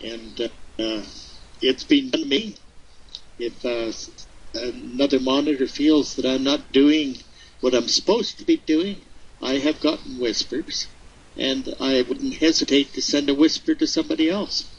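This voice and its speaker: A man from Nova Scotia calling in to a webinar, speaking softly and haltingly. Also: medium pitch, fairly even intonation, breathy edge. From Nova Scotia, Canada. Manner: hesitant, halting, soft. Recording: dull lo-fi webinar audio.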